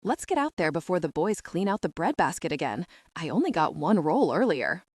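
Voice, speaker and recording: Narrator as blunt young friend, wry and quick with a joke, dry close read. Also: female voice, fairly low pitch, very animated, darkish tone, slightly rough, dry recording. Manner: wry, joking.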